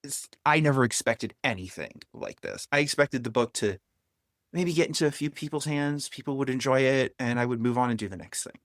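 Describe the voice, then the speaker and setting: A man being interviewed as a guest on a podcast, telling a story in a casual, animated way and chuckling now and then. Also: mid-range voice, fairly quick, dry recording, studio quality. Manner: animated, chuckles through his stories.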